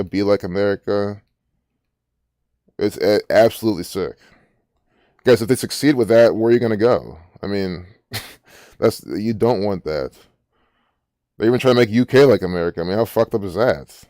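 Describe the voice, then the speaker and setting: A man with a lowish voice rants in a loose, rambling way, swearing often and sounding indignant as he reacts to what is on his screen. He talks as host of his own channel. The sound is close and dry, with no room echo. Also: mellow. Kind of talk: ranting screen-reading commentary.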